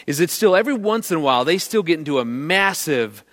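A middle-aged man giving a talk on marriage, telling a story to an audience and acting out the people in it with lively voices. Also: fairly high pitch, fast talker. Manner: animated, acts out the people in his story.

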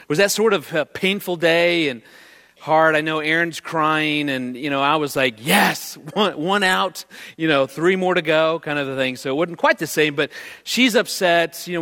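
Storytelling man in a reverberant hall. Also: on the high side. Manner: animated, jokey, acts out his daughter's lines. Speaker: marriage speaker. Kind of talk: storytelling talk to a live audience.

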